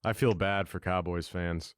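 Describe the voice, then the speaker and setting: A man's voice: deep voice, fairly even intonation, unhurried, smooth, dry recording, clean studio sound. A man hosting a podcast in casual chat, brash and loose, with some swearing. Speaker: podcast host.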